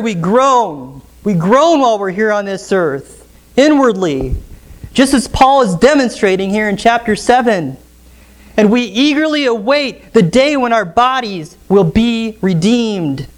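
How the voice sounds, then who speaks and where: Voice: mid-range voice, expressive, unhurried. A pastor preaching an expository sermon in church, often asking the congregation rhetorical questions.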